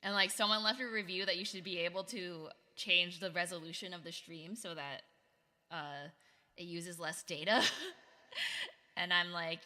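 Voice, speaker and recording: A woman's voice: on the low side, fairly even intonation, normal speed, bright, forceful tone, long reverb tail. A woman streamer chatting casually with her viewers, giggling often and reacting to chat.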